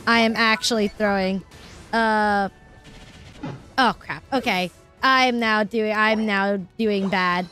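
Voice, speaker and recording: A young adult woman chatting casually with her viewers while she plays a game, excitable and quick to laugh, cursing when things go wrong. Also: mid-range voice, soft background music. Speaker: streamer. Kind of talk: casual live-stream chat while gaming.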